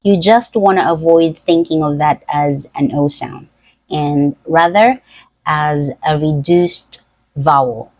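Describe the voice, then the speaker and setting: A woman tutor talks through a pronunciation lesson, taking her time. Her voice sits on the low side, and she spells out each sound with care. The recording is close and dry. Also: fairly even intonation, darkish tone, dry recording, rough recording. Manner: slow, careful, deliberate enunciation.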